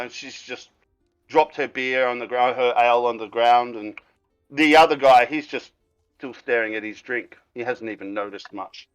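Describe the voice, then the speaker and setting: A man running a tabletop game as game master, animated and quick to laugh. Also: mid-range voice, smooth, no room sound, faint music behind, rough recording. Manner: animated, laughing, voices exclaiming.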